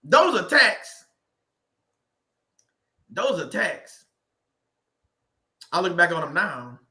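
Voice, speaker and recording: Seated at a desk in an indoor room, a man hosting a faith channel preaches casually to a live chat, reading out viewer comments. He is emphatic and repetitive, repeating phrases, with a high, bright, forceful voice that is very animated yet very slow. The sound is roomy.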